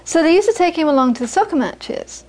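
Brief: high-pitched woman, Buddhist teacher, storytelling talk. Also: quick pace. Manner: storytelling, animated when quoting, soft and hushed on inner peace. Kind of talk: dharma talk with anecdotes.

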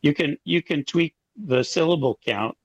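A man's voice: on the high side, moderate pace, husky, poor audio. A man in a casual group chat, explaining points in a good-humored way. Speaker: haiku group member.

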